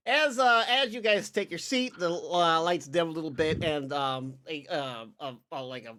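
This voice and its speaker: A man's voice: fairly high pitch, moderate pace, bright, forceful tone. A man narrating as game master of a tabletop game, rambling with many restarts.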